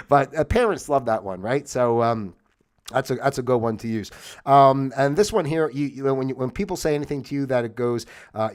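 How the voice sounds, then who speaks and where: Guy talking on a livestream, medium voice, lots of ums and restarts, kinda thinking out loud. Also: mid-range voice. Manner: rambling, reflective, many fillers and restarts. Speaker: host. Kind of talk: casual livestream monologue.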